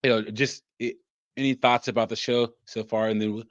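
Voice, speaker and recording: A man hosting a casual podcast reaction chat, talking haltingly with stumbling restarts. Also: medium pitch, flat delivery, no echo, highs cut off. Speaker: podcast host.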